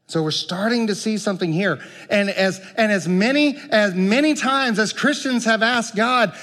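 A male pastor preaching a sermon, moving between loud pleading and quiet, conversational asides. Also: sits high, big-room sound.

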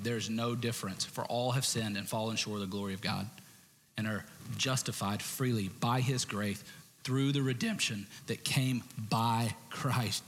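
A man preaching a sermon as pastor, conversational with jokey asides and sudden shouted bursts. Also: medium pitch, long reverb tail, a little hiss or hum. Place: church stage.

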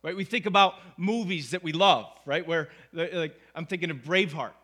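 A man's voice: fairly high pitch, normal speed, pushed and bright. A man preaching a sermon to his congregation, talking casually and checking in with them with frequent questions. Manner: conversational, asks the congregation "right?". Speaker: pastor.

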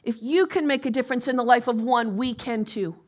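A woman pastor preaching and leading a congregation in prayer, swinging from soft, near-whispered lines to loud rallying shouts. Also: a little high, a little fast.

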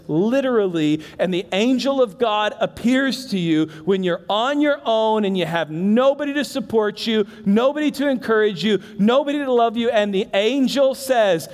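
A man preaching a sermon as pastor, moving from hushed emphasis to loud bursts and talking directly to the congregation in asides. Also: sits high. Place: church sanctuary. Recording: long reverb of a large church hall.

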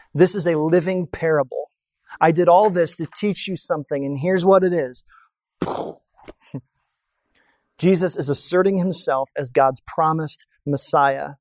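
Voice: medium pitch, darkish tone, no echo. A pastor preaching a sermon in a conversational way, often asking the audience rhetorical questions.

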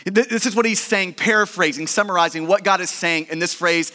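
A man preaching a sermon as pastor, emphatic and building to shouts. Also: sits high, brisk. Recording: long hall reverb.

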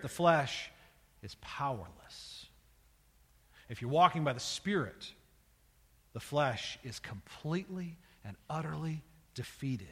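A man's voice: mid-range voice, a bit bright, slightly rough, big-room sound. A male pastor preaching a sermon with an emphatic manner, often repeating words and building in intensity.

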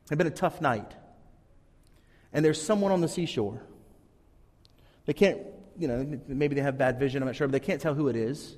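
A man's voice: mid-range voice, moderate pace, long pauses, darkish tone, in a large hall. A man preaching a sermon, telling a Bible story earnestly and acting out the characters' lines. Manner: earnest storytelling, acts out quotes. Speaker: pastor.

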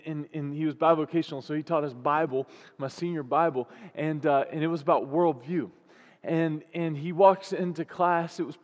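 Male pastor, sermon, emphatic repetition, slightly high voice, long hall reverb. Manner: emphatic repetition, building intensity.

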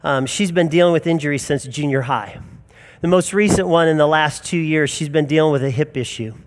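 A man's voice: on the high side, a little fast. A man in his forties preaching a sermon in an earnest, emphatic storytelling manner. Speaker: pastor.

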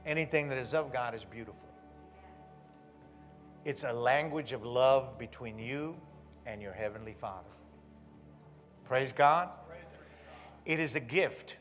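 A man preaching a sermon in a church, animated, moving from hushed talk to loud exhortation as he leads the congregation. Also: medium pitch. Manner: leads the congregation in call-and-response.

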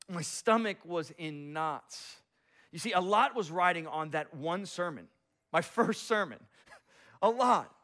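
A pastor delivers a sermon in a fairly high male voice. He moves from reading scripture to an animated, self-deprecating story about his own preaching.

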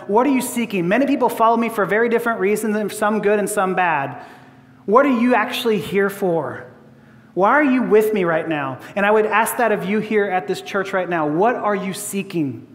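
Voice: medium pitch, in a large hall. A pastor giving a sermon in a church, conversational and laughing often, with frequent repeated words.

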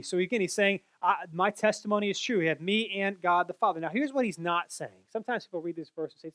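High-voiced man teaching Scripture. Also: quick pace, a bit bright, no echo. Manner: earnest, explanatory, with frequent self-corrections. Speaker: Bible teacher. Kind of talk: explaining a Bible passage.

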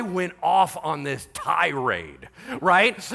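A middle-aged man preaches a sermon, telling stories with real animation. His voice rides high for a man and sounds bright and forceful, rising and falling widely as he swings from hushed asides to near-shouting. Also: moderate pace, vocal fry, hardly any pauses. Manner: animated storytelling, voices others in quotes, swings from quiet to shouting. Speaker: pastor.

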